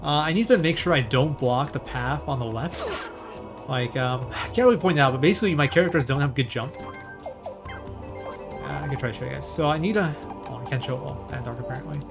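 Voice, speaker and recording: A man's voice: medium pitch, a little fast, creaky. A man giving casual live commentary on his speedrun, chatting and thinking aloud while he plays. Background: game music.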